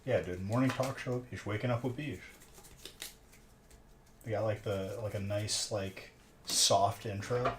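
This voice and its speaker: A man's voice: fairly low pitch, fairly even intonation, unhurried, pauses often. A man hosting a live stream, chatting and joking with viewers in a rambling way late at night. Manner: rambling, joking banter with chat. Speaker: live-stream host opening card packs. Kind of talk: casual live-stream chat. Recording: echoey room with background noise.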